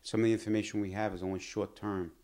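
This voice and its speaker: Earnest deep-voiced man telling his story. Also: flat delivery, a little mellow. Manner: earnest, measured, reflective. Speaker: physician and pharma executive. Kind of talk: personal storytelling to camera.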